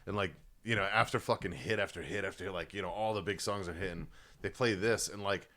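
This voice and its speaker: A man's voice: low-pitched, quick pace. A man co-hosting a podcast, telling a story casually and swearing often. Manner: swears a lot, animated anecdote-telling. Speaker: podcast co-host.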